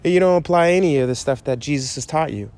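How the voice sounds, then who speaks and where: A man's voice: on the high side, fast talker, darkish tone. A man giving an informal, conversational sermon, emphatic and repetitive in his delivery. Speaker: preacher.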